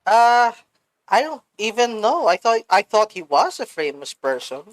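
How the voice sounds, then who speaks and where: A woman with a Filipino accent talks in a casual podcast chat, animated and quick to swear. Her voice sits mid-range and sounds close and dry, with no room around it. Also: medium pitch, dry recording, rough recording. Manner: animated, swears freely, mixes in Filipino words. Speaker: podcast co-host.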